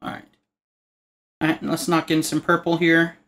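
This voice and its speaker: A man's voice: on the high side, completely flat delivery, moderate pace, fairly bright tone. A man hosting an art tutorial, talking casually and cracking rambling jokes while he draws. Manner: joking, rambling asides. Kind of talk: casual narration while drawing.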